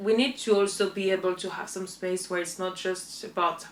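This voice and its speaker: A woman's voice: on the low side, flat delivery, fast talker, roomy sound. A woman from France with a French accent, a guest on a podcast, chatting in an agreeable, easygoing way. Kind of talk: casual interview chat.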